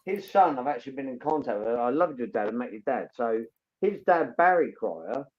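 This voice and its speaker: A man's voice: mid-range voice, big pitch swings, fairly quick, lo-fi sound. A man from England, telling rambling, enthusiastic stories in casual chat.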